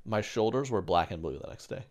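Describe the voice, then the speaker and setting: A man's voice: on the low side, brisk, a little hiss or hum. A young man co-hosting a podcast, telling stories casually and acting out quotes from people. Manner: animated storyteller, acts out quotes. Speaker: podcast co-host. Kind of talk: casual chat.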